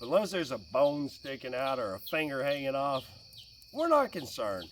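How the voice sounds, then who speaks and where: Lively middle-aged dad by a fire. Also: male voice, on the high side, normal speed, slight background noise. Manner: animated, laughs often while telling stories. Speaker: vlogger and dad. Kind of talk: casual fireside storytelling. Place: outdoors by a fire at night. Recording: distant mic outdoors, faint crickets. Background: faint crickets and outdoor ambience.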